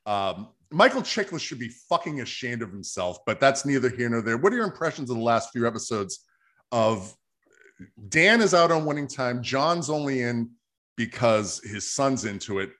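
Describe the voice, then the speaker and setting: A man hosts a casual podcast, joking and a little profane. He leads the segments in a relaxed, offhand way. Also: mid-range voice, normal speed. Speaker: podcast host.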